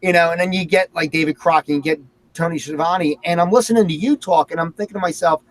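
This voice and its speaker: A man's voice: a little high, fast talker, dry recording. A man hosting a casual talk show, telling a story with lots of animation. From Philadelphia area. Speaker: host. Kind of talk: casual chat.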